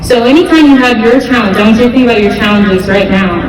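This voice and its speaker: A woman's voice: a little high, quick pace, noisy background. A young adult woman giving a casual, earnest motivational talk to students as a guest speaker, with fillers and restarts. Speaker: guest speaker at a school event. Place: large school hall. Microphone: distant camera mic. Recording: echoey gym, far from the mic.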